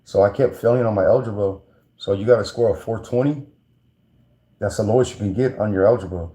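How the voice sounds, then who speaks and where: A man's voice: fairly low pitch, a little fast, dark tone. A man, telling stories in a slangy, rambling way, full of restarts and fillers. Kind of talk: casual storytelling.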